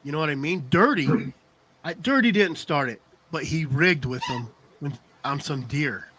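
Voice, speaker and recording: A man's voice: fairly high pitch, animated, moderate pace, background noise. A middle-aged man telling rambling stories in casual chat, laughing often and checking in with "you know what I mean". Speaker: podcast co-host.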